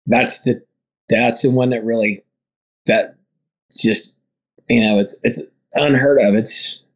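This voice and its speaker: A ranch owner in an interview, talking earnestly and rambling through stories with quoted dialogue. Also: male voice, mid-range voice, breathy edge. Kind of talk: conversational interview storytelling.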